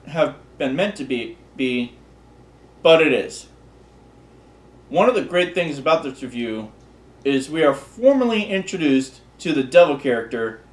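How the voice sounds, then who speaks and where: A rambling man in an echoey room. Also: fairly high pitch. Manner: rambling, repeats and restarts words. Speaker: fan presenting a countdown. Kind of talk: casual unscripted commentary.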